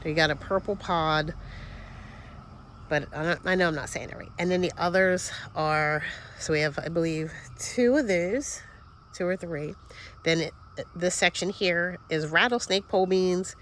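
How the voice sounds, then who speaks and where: A woman's voice: low-pitched, moderate pace, fairly bright tone, a little hiss or hum. A woman giving a casual tour of her vegetable garden outdoors, chatty and easily distracted, sniffling a little as she talks.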